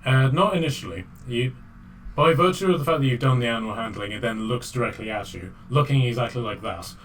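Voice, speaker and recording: A man's voice: mid-range voice, fast, fairly bright tone, slight background noise. A man narrating a tabletop game as game master, casual and hesitant with many fillers.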